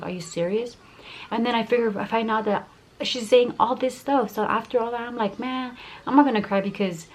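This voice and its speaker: A woman's voice: mid-range voice, slight background noise. A young woman telling a heated storytime vlog, profane and full of "like" fillers. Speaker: YouTuber.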